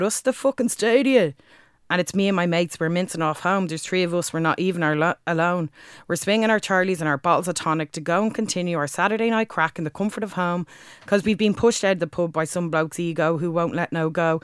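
A woman with a Dublin accent performs a rhythmic spoken-word poem with forceful, crude language. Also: lowish voice, clean tone, dry recording, studio quality. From Ireland. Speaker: guest, spoken word artist.

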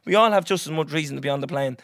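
A young Irish man hosting a podcast, telling a story in a lively, swearing, casual way and acting out what others said. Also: a little high, very fast, dry recording, clean studio sound. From Ireland. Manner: animated, swears freely, acts out others' lines. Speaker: podcast host.

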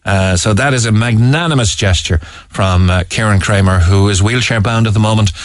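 Brisk and lowish, the Cork radio presenter's voice comes through a studio microphone in a dry recording. He reads listener texts earnestly, often stumbling into "uh" fillers and restarts.

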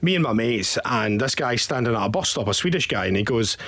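Husky Scottish man telling a lively story. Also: medium pitch, fairly quick. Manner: animated storyteller with lively quoted voices. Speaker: podcast co-host. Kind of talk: casual podcast chat, storytelling.

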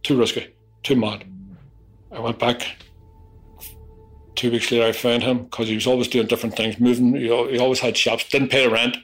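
Man, husky voice, rambling profane storytelling, middle pitch. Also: level tone, moderate pace, pauses often, a bit bright, faint music behind. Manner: rambling, profane, peppered with "you know". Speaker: interviewee. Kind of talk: confessional storytelling.

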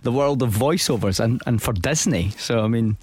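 A man's voice: mid-range voice, moderate pace, darkish tone, husky. Radio host guy, joking around with his guest, laughs a lot, medium voice. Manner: jokey, laughs often. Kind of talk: casual radio interview.

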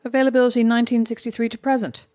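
Quick-talking irish woman, thirties, teasing podcast co-host, dry sound. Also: fairly high pitch, flat delivery, dark tone, no room sound. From Ireland. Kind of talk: casual chat.

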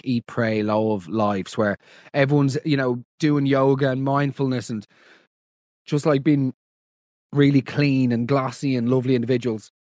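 An Irish man hosting a comedy podcast, talking in animated, incredulous and profane banter. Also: medium pitch, no echo, clean studio sound. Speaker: podcast host. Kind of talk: casual comedic monologue.

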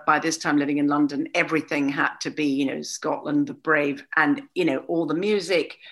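A woman talking as an interview guest, animated and candid, with a wry, storytelling manner. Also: low voice. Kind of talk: casual conversation.

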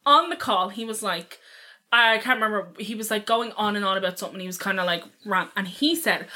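A woman's voice: mid-range voice, a little fast, sharp tone. A young Irish woman in her twenties co-hosting a podcast, telling a candid story in casual chat, swearing freely and laughing often. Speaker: podcast co-host.

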